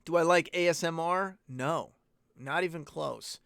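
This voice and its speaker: A man with a somewhat high voice and a dry, close sound, chatting casually as he answers viewers' questions. He rambles, swears freely and gives blunt opinions. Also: unhurried, vocal fry, a bit bright, clear, resonant tone, no room sound. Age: adult parent. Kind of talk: casual live-stream Q&A chat.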